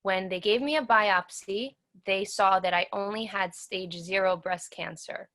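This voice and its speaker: A woman in her thirties appears as an interview guest, earnestly recounting her own story and acting out what people said to her. Her medium-pitched, slightly bright voice stays fairly even in intonation, and she doesn't rush.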